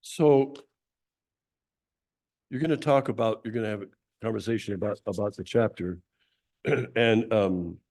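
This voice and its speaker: Man coaching a group, clearing his throat. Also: fairly low pitch, unhurried, pauses often, darkish tone. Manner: coaching, directive instructions. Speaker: speaker leading a Sunday talk. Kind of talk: leading a group laughter exercise.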